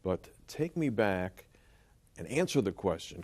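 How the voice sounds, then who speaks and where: A male interview host asking questions and introducing his guest in a measured way. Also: on the low side, sing-song, a little mellow.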